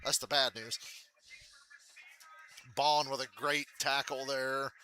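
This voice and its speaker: Guy reacting to football live, swears a lot, real sharp bright tone. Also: medium pitch, takes it slowly, faint music behind. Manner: profane, excitable outbursts.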